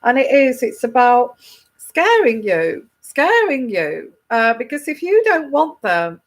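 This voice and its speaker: A woman's voice: on the high side, very animated, slow pace. A woman tarot reader giving casual advice to a viewer, emphatic, often repeating herself and restarting her sentences.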